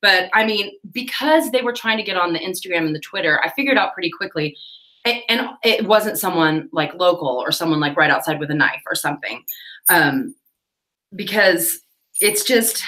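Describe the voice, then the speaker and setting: A woman chatting casually on her livestream, telling a rambling story with quick laughs while she cleans her tack. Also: fairly low pitch, lively intonation, bright, forceful tone. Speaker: livestream host.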